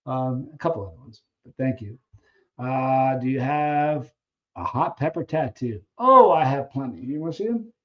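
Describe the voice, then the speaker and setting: A man hosting a casual live Q&A stream, reading viewer questions and answering them in an animated way, acting out little scenes with frequent restarts. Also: mid-range voice, dull audio. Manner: animated storyteller who acts out scenes, halting restarts.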